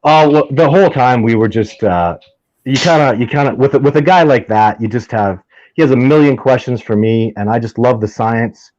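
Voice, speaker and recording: Speaking at a moderate pace in a slightly mellow, medium-pitched voice, a man appears as a guest Sasquatch researcher. He rambles through stories with enthusiasm, frequently restarting and growing heated; the audio is dull and has no room sound.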